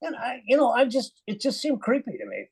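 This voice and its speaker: A man's voice: very high-pitched, huge pitch swings, fairly quick, gravelly, husky, rough recording. An older man, a musician guest, telling anecdotes in a casual interview, acting out quotes and laughing often. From Cleveland, USA.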